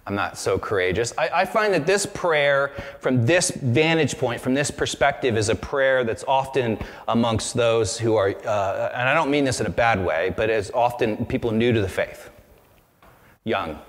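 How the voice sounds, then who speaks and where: A man's voice: medium pitch, lively intonation, moderate pace, long reverb tail. A man preaching a sermon as pastor, earnest and conversational, often restarting his sentences.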